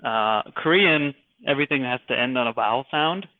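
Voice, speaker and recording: Casting: male podcast guest, halting and crude, over a thin phone-like line with no room sound. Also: medium pitch, animated, no echo. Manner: halting, many restarts, crude swearing. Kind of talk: casual podcast chat. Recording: dry, phone-like call audio.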